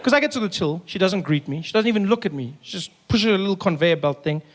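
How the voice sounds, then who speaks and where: High-voiced animated comedian. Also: male voice, fast, a little hiss or hum. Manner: animated storytelling with lots of voices and asides. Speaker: stand-up comedian. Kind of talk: stand-up routine.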